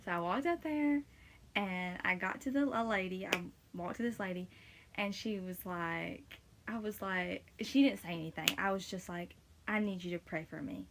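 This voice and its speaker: A woman's voice: medium pitch, normal speed, vocal fry, noisy background. A young woman casually telling a personal faith story, rambling with many fillers, emotional and close to tears. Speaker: vlogger sharing testimony.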